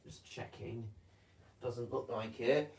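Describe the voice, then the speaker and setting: Casual male vlogger, mid-pitched voice, hesitant and rambling, recorded in a roomy, echoey space. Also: fairly even intonation, slow, a little mellow, slight background noise. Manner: rambling, hesitant, many fillers and restarts. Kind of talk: casual chat. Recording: roomy echo.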